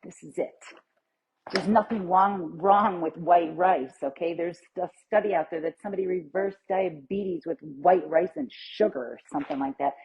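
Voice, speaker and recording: A woman's voice: on the low side, moderate pace, slight background noise. A middle-aged woman giving a chatty, upbeat pep talk as a nutrition coach on a live stream. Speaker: plant-based nutrition coach. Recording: dull lo-fi live stream audio.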